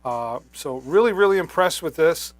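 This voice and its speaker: A man's voice: on the high side, animated, normal speed, no room sound. A man hosting a live shopping stream on a wireless microphone, talking casually with many fillers. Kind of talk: live product demo.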